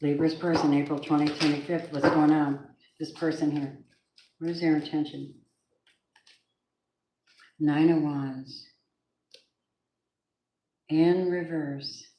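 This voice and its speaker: A woman's voice: sits low, little pitch movement, slow, pauses often, warm tone, roomy sound, rough recording. A woman reading tarot cards, talking in an emphatic, prayerful way and often repeating herself. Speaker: tarot card reader.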